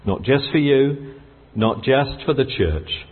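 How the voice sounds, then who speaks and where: A man preaches a lively sermon in a slightly husky voice, climbing high in pitch when he stresses a point and often restarting his sentences. The sound is narrow and tinny, like a phone line. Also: slow, in a large hall. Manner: enthusiastic, with wide swings in pitch and frequent restarts. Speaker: pastor.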